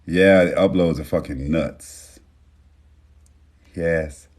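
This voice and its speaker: A man's voice: rumbling low, steady tone, takes it slowly. A man hosting a casual livestream chat, talking loosely and with profanity to his viewers, calling them y'all and reading out their names. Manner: reads viewer names with warm affirmations. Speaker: livestream host.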